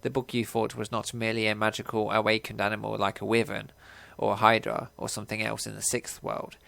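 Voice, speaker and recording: A flamboyant painted elf from a game, as a man voices him, lecturing with theatrical flair. The voice is low and gravelly. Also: completely flat delivery, fairly quick, a bit bright, no echo.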